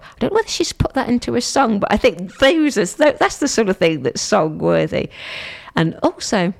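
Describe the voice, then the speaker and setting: A woman's voice: mid-range voice, very animated, normal speed, vocal fry. A middle-aged woman hosting a radio show in the studio, chatting in a rambling way that often repeats itself and restarts. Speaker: radio host. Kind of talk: casual radio chat.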